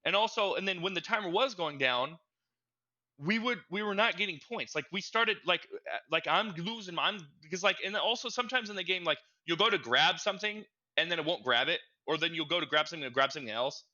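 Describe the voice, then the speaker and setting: Young man, podcast co-host, casual chat, stammering, very bright tone. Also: fairly quick, muffled recording. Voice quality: stammering, repeats words when excited. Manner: animated storytelling, gets loud and high when reliving frustration.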